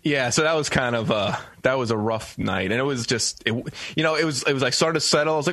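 A man's voice: medium pitch, lively intonation, brisk, hardly any pauses, pushed and bright, no room sound. A man in his thirties co-hosting a casual radio show, chatty and telling stories, laughing along. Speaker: co-host.

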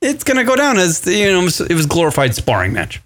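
Lively, foul-mouthed radio host man. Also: high voice, fairly quick. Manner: rambling, swearing often, animated. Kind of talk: casual chat.

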